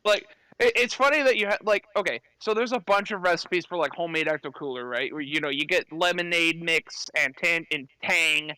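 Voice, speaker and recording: A man's voice: a little high, brisk, sharp tone, smooth, no room sound, poor audio. A man chatting casually as a podcast guest, rambling and swearing. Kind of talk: casual chat.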